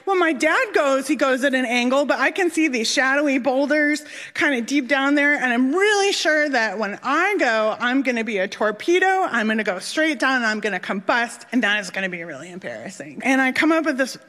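Animated woman telling a story in a hall. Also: high-pitched, a little fast. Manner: animated, self-mocking, laughing through lines. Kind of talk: live personal storytelling. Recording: long hall reverb.

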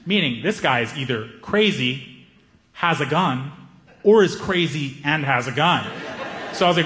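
A man telling a stand-up story, animated, acting out the people in it. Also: fairly high pitch, moderate pace. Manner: animated, acts out characters. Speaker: stand-up comedian. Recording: echoey hall reverb.

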